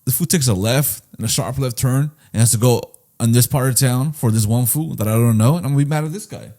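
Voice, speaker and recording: A man co-hosting a casual comedy podcast, animated and swearing casually. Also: medium pitch, fast talker. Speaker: podcast co-host.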